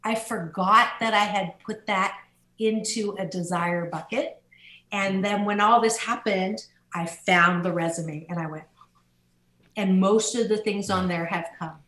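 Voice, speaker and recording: A woman author and motivational speaker in an interview, telling stories in an upbeat, animated way and swooping up into high voices. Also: measured pace, reverberant, low-quality recording. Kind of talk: podcast interview.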